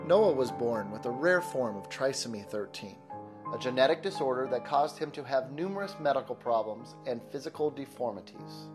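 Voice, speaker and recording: A man reading scripted documentary narration in an even, plain voice. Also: medium pitch. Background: guitar music.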